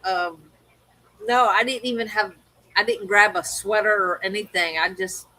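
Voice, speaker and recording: A woman's voice: medium pitch, steady tone, normal speed, pushed and bright, poor audio. A woman from Maryland co-hosting a livestream, telling stories in casual chat and laughing often. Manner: chatty storyteller, laughs often. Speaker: livestream co-host.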